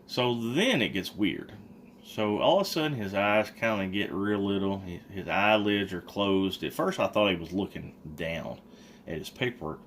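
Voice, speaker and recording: A man with a somewhat low voice tells a personal story in a relaxed, casual way. He gets animated and acts out what other people said. A faint hum of room noise sits behind him. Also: moderate pace. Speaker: vlogger.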